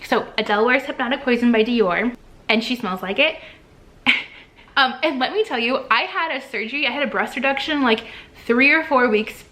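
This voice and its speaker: A young woman tells her story straight into the camera in a bright, clear, somewhat high voice. She gushes as she talks, rushing through lots of fillers and restarts. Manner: gushing, breathless, many fillers and restarts. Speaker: vlogger.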